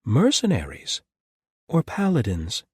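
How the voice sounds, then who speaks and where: A man voicing an earnest, tender young nun in an audiobook, raising and softening his voice for her. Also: mid-range voice, wildly swooping pitch, measured pace, husky, no echo, studio quality, voice pushed up, heavily acted.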